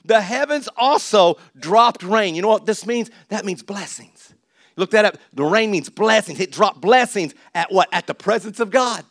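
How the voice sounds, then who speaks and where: A man preaches a lively sermon in a fairly high voice, picked up dry and close on a mic. He swings from loud exhortations to quiet, laughing asides. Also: moderate pace, dry recording. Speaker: pastor. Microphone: handheld or stage mic.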